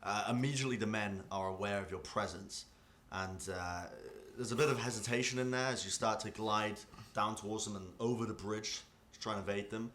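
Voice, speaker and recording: A man runs a tabletop roleplaying game as dungeon master, narrating the scene in a fairly low voice. His tone is bright and forward, and he talks it through with loose fillers as he goes. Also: fairly even intonation, fairly quick. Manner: descriptive, hesitant fillers while narrating.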